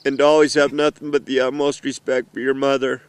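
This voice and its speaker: A middle-aged man speaks to his children from an off-road vehicle in the mountains, earnest and emotional, often halting. His voice is smooth and clear, with a steady, narrow pitch, and it sounds dry and close to the mic. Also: no room sound. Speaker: father addressing his children. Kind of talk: heartfelt personal message.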